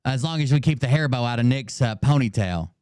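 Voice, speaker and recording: A man with a drawl hosts a loose, foul-mouthed stream, reacting to clips as he goes. His voice sounds clear and smooth, recorded close and dry with no room around it. He keeps it easygoing and laughs easily. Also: mid-range voice, animated, fairly quick, a little mellow, no echo. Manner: laid-back, profane, laughing at clips. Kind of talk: casual live-stream commentary.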